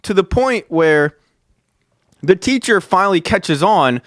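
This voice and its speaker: A man hosting a podcast, telling a story in a casual, excitable way, swearing and calling the listener "dude" again and again. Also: high voice, a little slow, no room sound, studio quality. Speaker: podcast host.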